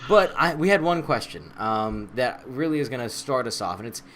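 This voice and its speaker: A man hosting a casual podcast chat, asking questions in a playful, animated way. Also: medium pitch, normal speed, slight background noise. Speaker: podcast host.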